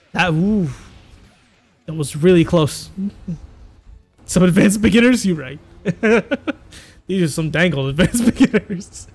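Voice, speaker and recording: A man giving playful, excitable live commentary on a fighting-game tournament, chanting along and laughing often. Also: sits high, slightly rough.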